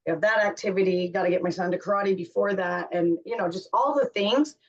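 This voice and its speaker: A woman's voice: medium pitch, a little fast. Chatty woman host on muffled distant line. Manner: chatty, candid, self-deprecating storytelling. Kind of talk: casual chat.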